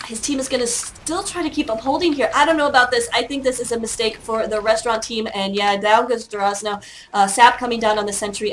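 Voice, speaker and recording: A woman's voice: on the high side, a bit bright, slight background noise. A woman giving solo play-by-play commentary on an online game match, chatty and self-mocking, with many hesitations and fillers. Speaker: esports caster.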